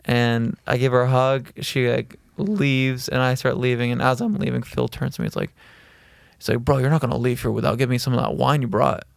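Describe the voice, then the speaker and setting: A man, a podcast guest, casually telling an anecdote in an animated way, swearing freely and laughing as he goes. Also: mid-range voice, brisk, gravelly, dry recording.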